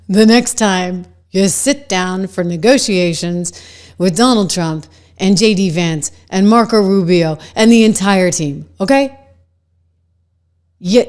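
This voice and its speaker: A woman with a New Hampshire accent hosting a political commentary show, brisk and wry with chuckling asides. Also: mid-range voice, darkish tone. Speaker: show host.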